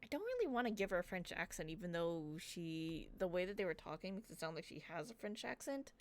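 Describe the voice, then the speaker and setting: A woman's voice: fairly low pitch, sing-song, brisk, slight background noise. A woman streamer casually commenting on a game, chatty and joking, swearing now and then. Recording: game music underneath.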